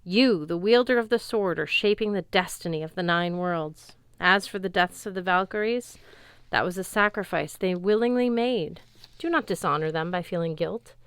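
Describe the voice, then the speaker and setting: A woman voicing a calm, gentle male god speaking formally to his son. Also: on the low side, smooth, no echo. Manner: solemn, measured, formal.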